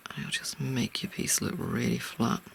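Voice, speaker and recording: An art tutor talking through a real-time drawing tutorial in a soft, often half-whispered, reassuring way. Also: mid-range voice, normal speed, creaky.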